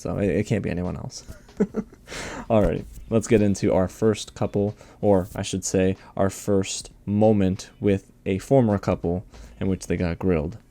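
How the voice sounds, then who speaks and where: A man's voice: on the low side, warm tone. A young man hosting a casual recap of a reality show, snarky and exasperated, laughing often at what he describes. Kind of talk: casual sarcastic recap commentary.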